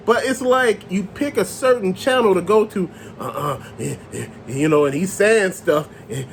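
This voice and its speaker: Animated high-pitched man ranting. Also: a little hiss or hum. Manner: loose, animated rant with slang and cussing. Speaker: channel host. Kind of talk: ranting to camera.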